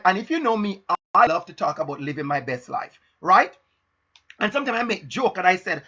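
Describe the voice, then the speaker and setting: Bright, husky-voiced man giving a pep talk. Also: high voice, big pitch swings, brisk, lo-fi sound. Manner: emphatic, repeats phrases for stress; frank and direct. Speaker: motivational speaker. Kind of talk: motivational live-stream talk.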